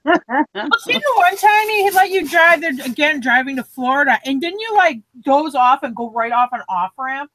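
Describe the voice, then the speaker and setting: High-voiced, teasing woman. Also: lively intonation, normal speed, a bit bright, no echo, rough recording. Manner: teasing, blunt. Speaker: show co-host. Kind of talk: casual chat.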